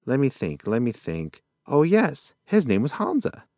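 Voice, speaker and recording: A man's voice: medium pitch, huge pitch swings, unhurried, a little mellow, no echo, studio quality, pitched above the performer's own voice. A man voicing a forgetful old male possum who rambles in a folksy, muddled way. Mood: rambling.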